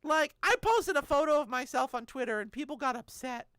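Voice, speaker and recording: A woman's voice: high voice, animated, a little fast, a bit bright, dry recording. A woman in her thirties streaming live, chatting casually and joking as she answers chat messages.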